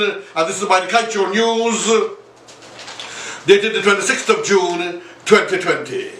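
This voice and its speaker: A man's voice: high voice, bright, forceful tone, reverberant, recorded from a distance, a little hiss or hum, low-quality recording. A man hosting an impassioned political commentary show, addressing his viewers directly and repeating himself for emphasis. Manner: repetitive, appealing directly to viewers. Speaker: online show host.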